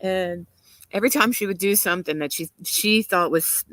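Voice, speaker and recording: A woman's voice: medium pitch, normal speed, fairly bright tone, low-quality recording. A woman hosting a casual livestream, talking through viewer comments in an opinionated, chatty way and laughing often. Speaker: livestream host. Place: outdoors in a garden.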